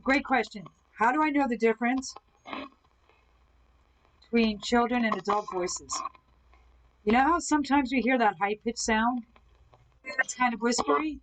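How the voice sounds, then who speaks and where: A woman with a somewhat high voice runs a live spirit box session from indoors at someone else's home. She talks calmly and patiently, asking the spirits questions one after another. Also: a little slow, long pauses, slight background noise, rough recording. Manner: calm, coaxing questions to spirits. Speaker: ghost hunter host.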